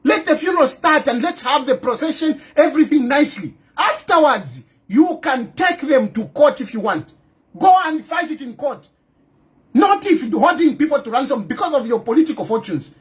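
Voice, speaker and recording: A man's voice: extremely high pitch, animated, normal speed. A Zambian man in an impassioned video monologue, indignant and firing off repeated rhetorical questions. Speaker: political commentator. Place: in exile abroad.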